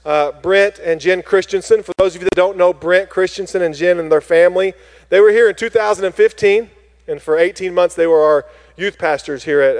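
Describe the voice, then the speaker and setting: A pastor welcomes his congregation with upbeat energy, his voice sitting a touch higher than most men's. He makes announcements and introduces the guest speaker, and a long church echo trails each phrase. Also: a little mellow. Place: church sanctuary. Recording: long hall reverb in a church.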